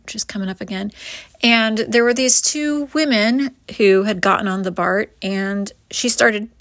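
A woman telling a personal story in a halting, reflective way, sighing and pausing with hesitant fillers. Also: mid-range voice, vocal fry, a bit bright, no room sound.

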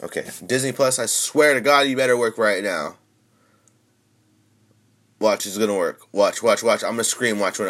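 A young man chatting casually while streaming, excitable and swearing constantly, swinging from mumbling to shouting. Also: fairly low pitch, normal speed, long pauses. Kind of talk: casual profane livestream chatter.

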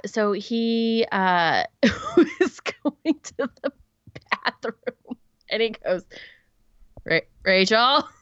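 A woman in her thirties rambles through stories with frequent giggles and "um"s. Her voice is smooth and clean, recorded up close and dry, though the sound is a bit dull. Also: on the low side, a bit bright, no echo. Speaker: podcast co-host. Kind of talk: casual storytelling.

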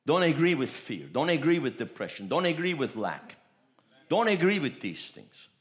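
A man's voice: on the high side, sing-song, moderate pace. A man preaching a sermon, with emphatic, repetitive declarations that rise in bursts.

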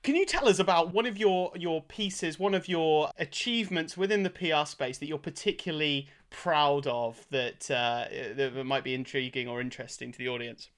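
A man hosting a casual interview, his pitch sitting a little higher than most men's. He stammers and repeats words as he reacts, and laughs easily at his guest's stories. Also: moderate pace, hardly any pauses, a bit bright. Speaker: interview host.

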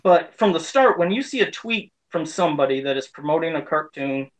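A man's voice: on the high side, expressive, a little fast, poor audio. Man ranting with heated frustration. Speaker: pop culture commentator. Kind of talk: casual opinion rant.

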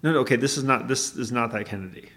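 A man's voice: medium pitch, quick pace, a bit bright. A man co-hosting a podcast, talking casually and rambling through stories, often correcting himself. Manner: rambling, self-correcting storyteller. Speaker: podcast co-host. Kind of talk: casual chat.

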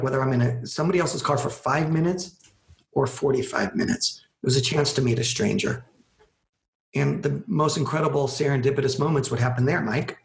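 A man with a gravelly, creaky voice tells a story as a podcast guest, animated and conversational. He acts out the lines people said to him. The sound bounces around an echoey room. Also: mid-range voice. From Los Angeles.

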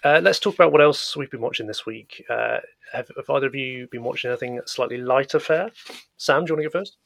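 Male podcast host, gravelly edge, dry close sound, earnest and reflective. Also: medium pitch, fast, a bit bright, dry recording. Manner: earnest, reflective, hesitant restarts. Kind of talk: casual film review chat.

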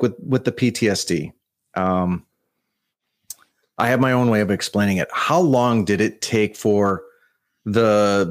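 Man co-host asking searching questions. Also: lowish voice. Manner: searching, restarts while forming questions. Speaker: podcast co-host, interviewer. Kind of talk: interview conversation.

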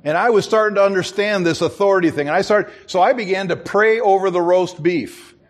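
A man's voice: sits high, fairly quick. A middle-aged man preaching a sermon as pastor, telling stories and acting out the people in them. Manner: storytelling, acts out quoted voices, chuckles at himself.

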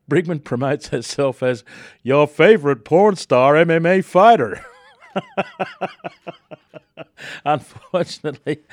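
An Australian man hosts breakfast radio with a sore throat, chatty and laughing as he goes. His voice sits at an ordinary middle pitch. The studio sound is close and dry. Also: no room sound. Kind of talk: casual radio chat and news reading.

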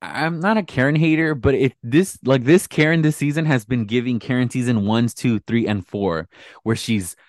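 A man's voice: mid-range voice, moderate pace, dry recording, studio quality. A man co-hosting a casual podcast, gossiping and swearing with lots of "like". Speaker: podcast co-host. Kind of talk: casual chat.

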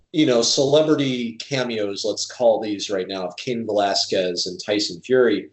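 A man's voice: medium pitch, roomy sound. A man co-hosting a casual wrestling podcast, giving opinions with careful hedges. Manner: opinionated, measured hedging. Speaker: podcast co-host. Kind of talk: casual chat.

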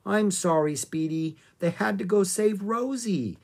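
Give me an eager little girl in a storybook, high and gushing, voice a bit husky, as a reader puts her on. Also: measured pace. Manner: high, excited and cooing. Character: eager curious young girl adventurer.

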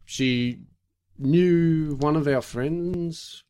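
A man's voice: fairly high pitch, extremely slow, darkish tone, clear, resonant tone, no room sound. A young man telling a rambling, crude story with lots of swearing in casual banter with friends.

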